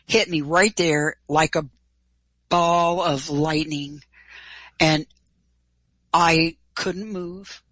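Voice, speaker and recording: A middle-aged woman telling a personal story in an interview, animated and casual, acting out quoted dialogue. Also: deep voice, drawn-out words, long pauses, no echo, poor audio. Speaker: guest.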